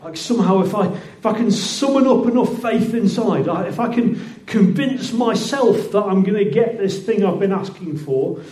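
A man's voice: sits high, expressive, normal speed, few pauses, a little mellow. A man preaching a sermon in a conversational way, often repeating words and restarting phrases. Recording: roomy echoing hall.

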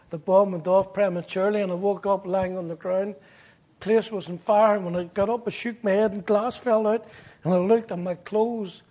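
A man's voice: sits high, a little mellow. A man with a Northern Irish accent giving an earnest personal testimony, telling his story vividly and acting out the dialogue. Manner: earnest, at times emotional.

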